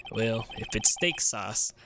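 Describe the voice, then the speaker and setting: A man voicing a laid-back cowboy detective with a put-on slow Southern drawl, game music behind. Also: fairly low pitch, animated, bright, forceful tone, a little hiss or hum, pitched below the performer's own voice, full character voice. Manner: slow, lazy drawl with folksy sayings.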